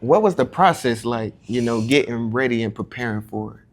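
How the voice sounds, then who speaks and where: A man's voice: medium pitch, lively intonation, brisk. A man interviewing a guest in a laid-back, slangy way, saying "like" a lot. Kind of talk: casual interview.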